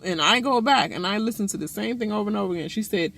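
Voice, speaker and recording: A woman's voice: mid-range voice, lively intonation, fast talker, gravelly, hardly any pauses, a bit bright. A woman recapping a reality show in a blunt, slangy, repetitive rant. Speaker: YouTube recap host. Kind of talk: casual TV episode recap commentary.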